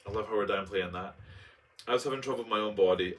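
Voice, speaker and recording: Reading his old essay aloud, a fast-talking Scottish man in his late twenties pauses often to comment in a camp, playful, expressive way. His voice is lower-pitched yet bright and forceful, and because he's a bit back from the mic it comes across slightly distant.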